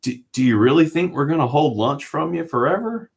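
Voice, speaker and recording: Guy doing a chill patient therapist dude, asking calm questions, talking someone down. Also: on the high side, brisk, vocal fry, voice pushed up. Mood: calm reasoning. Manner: patient, even-toned questioning. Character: calm, reasoning male therapist.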